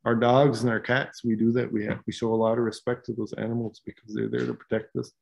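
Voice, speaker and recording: A wise and calm trickster spirit from a spoken folk tale who reproaches firmly, voiced by a man. The voice is gravelly, at an ordinary middle pitch, and it is steady and admonishing. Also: fast. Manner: firm, admonishing.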